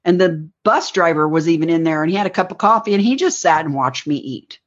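A woman's voice: deep voice, fairly quick. Woman telling a rambling story, lo-fi. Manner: rambling, acts out quoted lines. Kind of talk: personal storytelling. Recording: dull lo-fi recording.

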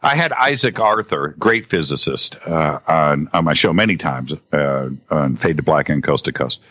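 A man in casual conversation as a guest, talking in halting bursts with many restarts and repeated words. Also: extremely low pitch, lively intonation, a bit bright, no room sound. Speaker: podcast guest. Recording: dull lo-fi audio.

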